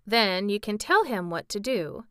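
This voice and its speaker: Woman doing a pumpkin-headed storybook man, mild, matter-of-fact, clear, dry. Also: mid-range voice, sing-song, a little slow, bright, forceful tone, no echo. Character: cheerful pumpkin-headed man, calm and simple.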